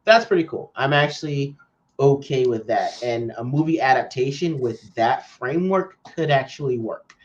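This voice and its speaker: A man co-hosting a casual comics chat, ranting in an animated way and slinging slang. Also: medium pitch, normal speed, dull audio. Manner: animated, ranting, slangy, says bro a lot. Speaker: podcast co-host.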